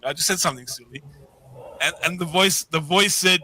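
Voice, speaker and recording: A man's voice: on the high side, fairly quick, pushed and bright, rough recording. A middle-aged man telling a story as a guest over a video call, rambling, swearing freely and restarting his sentences. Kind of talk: casual storytelling.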